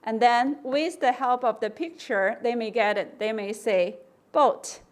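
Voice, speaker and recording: Slow-talking woman giving a lecture. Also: on the high side. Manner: explanatory, demonstrates test prompts with slow stressed words. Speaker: conference speaker. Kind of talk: academic lecture.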